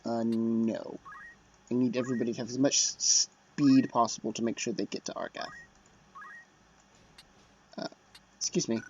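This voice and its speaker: A man's voice: medium pitch, little pitch movement, moderate pace, long pauses, darkish tone, a little hiss or hum. A man casually commenting on a strategy game as he plays, chatty and self-deprecating, often muttering under his breath. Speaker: let's play commentator. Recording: dull lo-fi dry mic.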